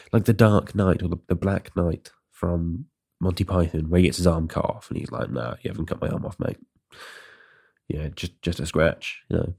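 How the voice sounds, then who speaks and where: A man with a low, gravelly voice rambles through his podcast in a casual monologue. His tone is dark and his talk is sardonic and full of swearing. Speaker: podcast host.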